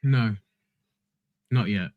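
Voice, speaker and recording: A man's voice: fairly low pitch, drawn-out words, no room sound, narrow, tinny audio. Earnest man arguing on a fan panel. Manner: earnest, argues his point with fillers. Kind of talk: live fan show panel chat.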